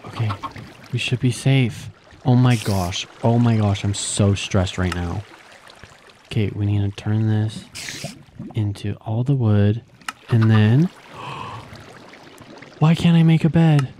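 Excitable young man narrating gameplay. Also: on the low side, slow pace, pauses often, noisy background. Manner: excitable, squeals and gasps, talks to game animals. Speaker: gaming channel host. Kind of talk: gameplay commentary.

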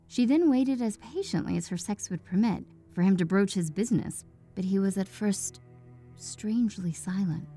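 A woman reads a dark old tale aloud in a steady, measured manner, her tone soft and mellow rather than bright. Faint music plays beneath the narration. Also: medium pitch. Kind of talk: scripted storybook narration.

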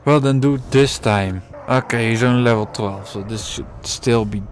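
A man's voice: mid-range voice, normal speed. A man commentating his own gameplay, exasperated and swearing constantly while muttering to himself. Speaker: let's play gamer.

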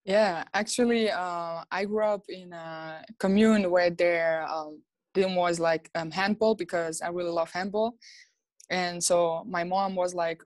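A woman's voice: fairly low pitch, flat delivery, moderate pace, no room sound. A young woman, a basketball player guesting on a podcast, talking in a friendly, loose way. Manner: friendly, loose, says "like" and "actually" a lot. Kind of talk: casual podcast interview.

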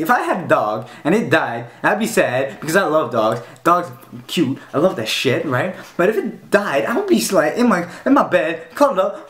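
A man's voice: sits high, very animated, normal speed, fairly bright tone, echoey room. A male YouTuber delivering a comedic, profane rant in a slangy, mock-tough way. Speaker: YouTube commentator.

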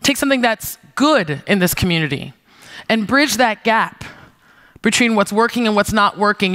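A young woman from New York giving a conference talk, telling lively stories with swearing and acting out her own retorts. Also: medium pitch. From New York, USA. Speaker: keynote speaker, founder. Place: stage before an audience.

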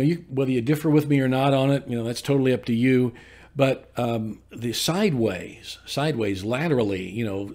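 A man's voice: medium pitch, darkish tone, roomy sound, in a large hall, far from the mic, low-quality recording. A man teaching a judo arm lock, explaining in an informal way with repeated okay checks. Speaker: judo instructor. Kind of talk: instructional demonstration and commentary.

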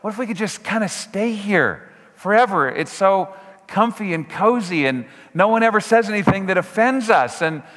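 A man preaching a sermon as pastor, emphatic, slowing down on key phrases and swinging his pitch up and down. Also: animated, a bit bright. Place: church sanctuary. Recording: church hall reverb.

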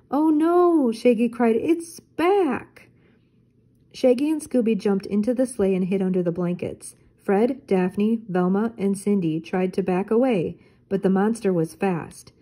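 An older woman, a teacher, reading a children's storybook aloud in a steady, clear way. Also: mid-range voice.

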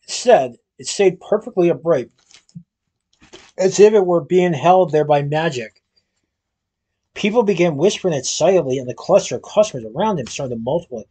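A man reads a storybook aloud in a steady, even manner, now and then going back over a word. His voice sits a little high for a man and has a husky grain. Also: moderate pace. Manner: steady reading with occasional restarts. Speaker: storybook reader.

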